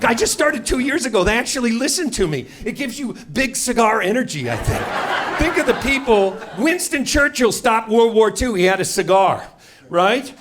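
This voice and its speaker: Brash stand-up comic with a high voice. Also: male voice, very animated, moderate pace. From Seattle, USA. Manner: brash, mock-indignant, punchy rhetorical questions. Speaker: stand-up comedian. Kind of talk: stand-up comedy set. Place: comedy club stage before a live audience. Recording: loud crowd laughter and room noise.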